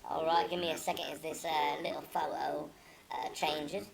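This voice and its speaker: A woman's voice: sits low, flat delivery, normal speed, creaky. A woman hosting her own channel, giving indignant, mocking commentary as she reads out messages, swearing freely. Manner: profane, mocking and exasperated. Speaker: channel host.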